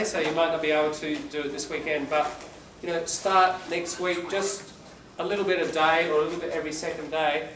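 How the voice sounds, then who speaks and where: A man teaching an English class, patiently explaining and demonstrating word stress by reading aloud. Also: a little high. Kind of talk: classroom lesson. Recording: echoey room, far from the mic, background noise.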